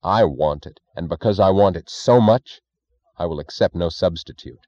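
Man doing a defiant captive, cold precise delivery, deep voice, dry muffled audiobook sound. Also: normal speed, warm tone, no room sound, close to an everyday voice. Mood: intense. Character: calm, defiant male captive thinker. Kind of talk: audiobook character voice.

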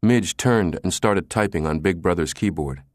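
Low-voiced man narrating a thriller. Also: moderate pace, a little mellow, dry recording, studio quality. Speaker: audiobook narrator.

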